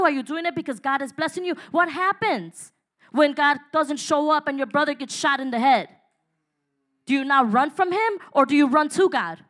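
A woman's voice: high voice, fairly bright tone. A woman preaching a sermon in an emphatic, exhorting way, with laughs and asides to the congregation.

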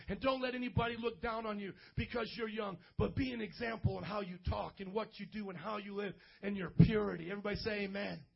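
Husky high-voiced youth pastor preaching. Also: male voice, fairly quick, few pauses, lo-fi sound. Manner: energetic, builds to shouts, playful slang. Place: church youth service.

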